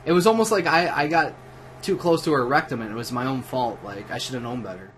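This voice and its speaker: Soft music sits in the background as this drunk man livestreams from home while gaming, spinning a casual, profane, meandering story full of restarts. He talks fast in a mid-range, fairly bright voice.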